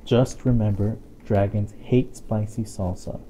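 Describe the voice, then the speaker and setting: A man reading a picture book aloud to a child, playful and expressive, with chatty asides to his young listener. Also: lowish voice, a little slow, slight background noise. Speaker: storytime reader.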